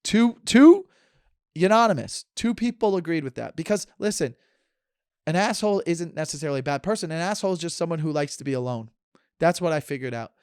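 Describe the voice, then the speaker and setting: A man's voice: on the high side, expressive, a little fast, darkish tone, clear, resonant tone, dry recording, studio quality. Rambling, sarcastic man podcasting. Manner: sarcastic, joking, talks in tangents. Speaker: podcast host. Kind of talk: casual rambling monologue.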